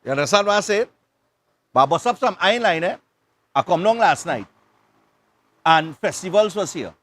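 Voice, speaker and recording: A man's voice: sits high, expressive, normal speed, fairly bright tone. A man with a Trinidadian accent, hosting a live morning show and telling a rambling story in casual dialect. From Trinidad and Tobago. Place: beach club.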